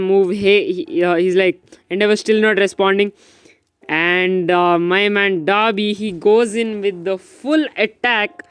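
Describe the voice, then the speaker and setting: A young man casually recapping a manga chapter in a rambling, excitable way, full of fillers. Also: high voice, clear, resonant tone. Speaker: manga reviewer. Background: faint background music.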